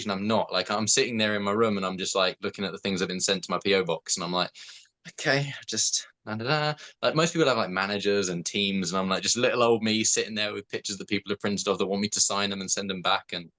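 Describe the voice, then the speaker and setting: A young English man with a lowish voice, chatting as an actor guest on a podcast. He trips over his first words, restarts often and keeps things self-deprecating, laughing between thoughts. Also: sharp tone. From England. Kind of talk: casual podcast chat.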